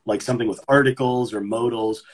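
A young man from Maryland with a mid-Atlantic American accent, talking casually as a podcast guest. His voice is a bit husky and his pitch sits in the middle. He explains at length, sometimes restarting with repeated words. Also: fairly even intonation, brisk. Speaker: guest, English teacher and voice actor.

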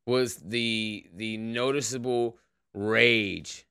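A man's voice: fairly low pitch, extremely slow, pushed and bright, smooth, no echo, clean studio sound. A man hosting a casual livestream podcast, greeting chatters by name and rambling in a profane, offhand way. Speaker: podcast host.

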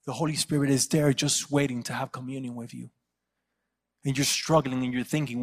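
Male pastor, story-driven sermon, mid pitch, long church reverb. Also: fairly even intonation, fairly quick. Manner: storytelling, acting out quoted voices.

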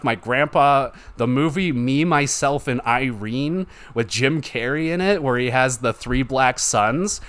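A man's voice: mid-range voice, fairly bright tone, clear, resonant tone. A young man hosting a solo gaming podcast, rambling casually with lots of swearing and "like" fillers. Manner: rambling, profane, heavy use of "like". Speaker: podcast host.

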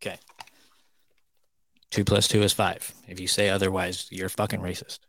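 A man's voice: deep voice, flat delivery, moderate pace, fairly bright tone, no room sound. A man co-hosting a casual chat podcast, telling stories in a blunt, profane way. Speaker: co-host.

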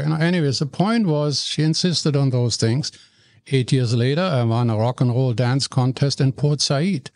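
An older man with a German accent tells stories with animated warmth, joking and poking fun at himself. He sits at a middle pitch. The recording is dry and close, with no room sound. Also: normal speed, no echo. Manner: animated storyteller, jokey, self-deprecating. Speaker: guest, radio regular. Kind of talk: interview storytelling.

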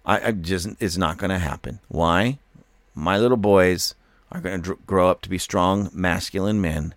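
A man's voice: low-pitched, normal speed, no room sound. An older man hosting a religious opinion commentary show, speaking in a fervent, preachy way with repeated emphatic phrases. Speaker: host.

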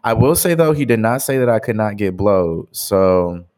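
Young male podcast co-host, very low voice, casual rambling delivery. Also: lively intonation, normal speed, darkish tone. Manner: rambling, heavy use of "like". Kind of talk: casual chat.

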